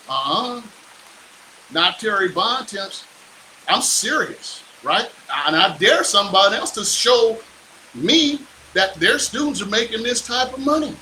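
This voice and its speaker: A man working as a real estate coach, delivering a hyped, boastful motivational pitch full of slang. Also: animated, measured pace, bright, forceful tone, a little hiss or hum, low-quality recording.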